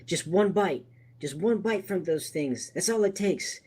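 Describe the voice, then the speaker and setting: A man's voice: sits high, expressive, a little slow, a little mellow, husky, voice pushed up, heavily acted. A man doing a shaky, scared gunman. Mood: frantic. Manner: tense, insistent. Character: jumpy armed man, scared, distrustful.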